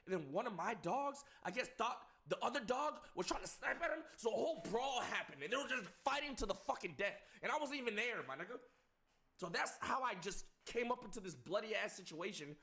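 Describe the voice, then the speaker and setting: A young man telling a chaotic personal story to viewers, swearing often and swinging between low recounting and laughing outbursts. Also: lively intonation, brisk, sharp tone. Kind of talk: animated storytelling with heavy swearing.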